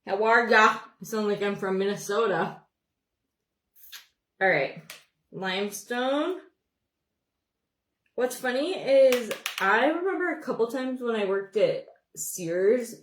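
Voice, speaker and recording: A woman's voice: mid-range voice, echoey room. A young woman from Montana chatting casually on a makeup livestream, rambling and greeting viewers by name. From Montana, USA. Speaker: beauty livestream host. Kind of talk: casual livestream chat while doing makeup.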